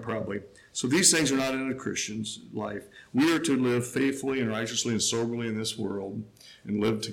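A man preaching a sermon, quoting scripture with emphatic rises and quiet, lowered asides. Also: low-quality recording. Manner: emphatic, rising to a near shout then dropping low.

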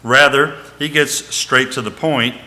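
Bright-voiced man teaching from the Bible. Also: medium pitch, steady tone, unhurried. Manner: reads scripture aloud, then retells it in plain everyday words; conversational with frequent fillers and restarts.

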